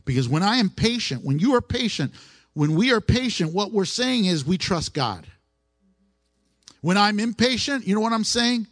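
A man's voice: high-pitched, very animated, normal speed, a bit bright. A man preaching a sermon in a conversational way. He asks the listeners questions and repeats his key phrases.

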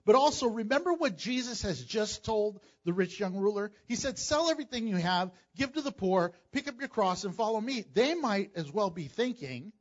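A man preaching a sermon as pastor, animated and jokey, acting out the voices of people in the story. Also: high-pitched, normal speed, few pauses, muffled recording.

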